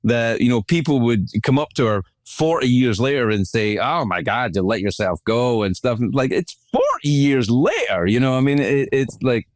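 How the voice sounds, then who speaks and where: Lively, laughing podcast host man. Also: medium pitch, moderate pace, hardly any pauses, dry recording, studio quality. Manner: animated, laughs easily, swears casually. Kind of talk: casual chat.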